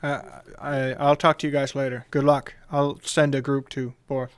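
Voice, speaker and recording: A man's voice: medium pitch, level tone, moderate pace, smooth, no room sound. A man running a tabletop game, casual and playful, swearing freely. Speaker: game master.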